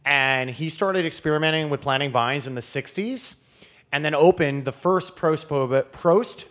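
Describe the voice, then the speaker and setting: A man with a fairly high, fairly bright voice speaks unhurriedly as a guest wine expert on a casual podcast. He rambles through stories, full of fillers and restarts.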